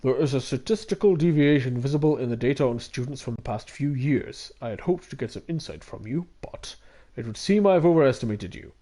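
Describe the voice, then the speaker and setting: A man voicing a cold, condescending middle-aged male doctor in a visual novel, low, quiet and dismissive. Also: expressive, brisk, lightly acted. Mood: contemptuous.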